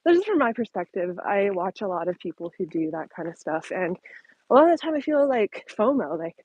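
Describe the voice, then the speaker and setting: A woman's voice: mid-range voice, big pitch swings, fairly quick, a little mellow, slightly rough, no echo, highs cut off. A woman hosting a casual live-stream Q&A on her phone while walking her dog along an outdoor trail, a little out of breath, chatty with lots of ums and likes. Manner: chatty, many ums and likes, laughing lightly. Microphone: handheld phone at arm's length.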